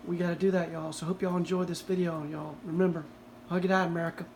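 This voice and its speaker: A man's voice: on the high side, level tone, quick pace, darkish tone, slight background noise, low-quality recording. Earnest folksy man talking to camera. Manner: earnest, folksy, keeps saying "y'all". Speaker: video host. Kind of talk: casual direct-to-camera commentary.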